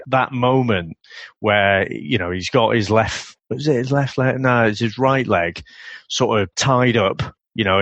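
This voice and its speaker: A man's voice: fairly low pitch, a bit bright, no echo. A man co-hosting a podcast, chatting casually about an old martial arts film, often laughing and mimicking lines. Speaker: podcast co-host.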